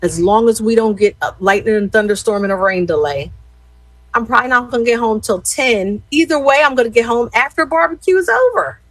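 A middle-aged woman hosting radio in a chatty, animated way, talking straight to her listeners. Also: on the high side, a little fast, no echo, low-quality recording. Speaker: radio host. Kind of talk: casual radio chat and shout-outs.

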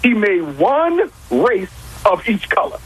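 A man's voice: sits high, very animated, takes it slowly, a bit bright, husky, poor audio. A man arguing his points with emphasis on a talk show, repeating key lines and asking rhetorical questions. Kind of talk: impassioned talk-show argument.

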